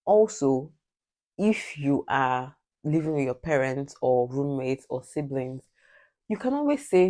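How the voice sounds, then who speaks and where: A woman's voice: very deep voice, very animated, measured pace, warm tone. A Nigerian woman giving direct, emphatic advice in a casual vlog, repeating her points like a preacher. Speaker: vlogger.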